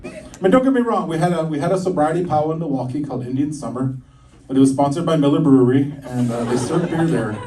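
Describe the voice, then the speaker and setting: A middle-aged man from the United States doing stand-up, telling self-mocking stories and acting out quick voices. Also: fairly high pitch, animated, background noise. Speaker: stand-up comedian. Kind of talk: live stand-up comedy. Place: stage at a campus comedy show. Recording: distant live stage recording with audience laughter. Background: audience laughing.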